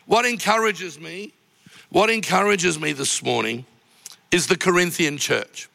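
The voice sits high and sounds creaky, pushed and bright, moving a little slowly. It belongs to a man preaching as pastor in a large church auditorium, telling personal stories emotionally and swelling into impassioned cries. Long reverb from the large church hall fills the recording.

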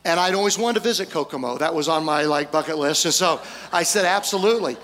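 A male pastor preaching a storytelling sermon, folksy, with humorous asides and pauses for effect. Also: a little high, a bit bright.

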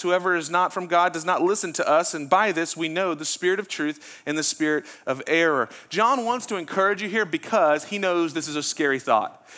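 A man's voice: on the high side, sharp tone. A pastor preaching a sermon in a conversational way, asking his listeners rhetorical questions.

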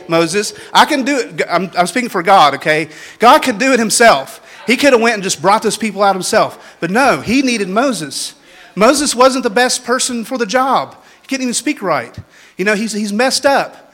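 A man preaching a sermon in a folksy, repetitive way, building up to shouted exhortations. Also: high-pitched, lively intonation, moderate pace. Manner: folksy, ungrammatical phrasing.

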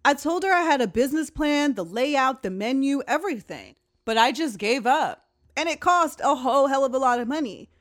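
A woman's voice: high-pitched, moderate pace. Candid, profane storytelling woman. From Long Island, New York. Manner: candid, profane, animated retelling with quoted voices. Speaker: podcast host. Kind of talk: casual storytelling monologue.

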